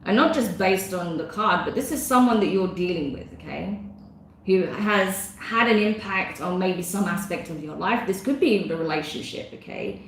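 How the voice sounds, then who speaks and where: A woman's voice: fairly low pitch, expressive, moderate pace. A woman giving a casual tarot reading, effusive and emotional, chatty with lots of fillers. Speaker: tarot reader. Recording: very echoey room with faint noise.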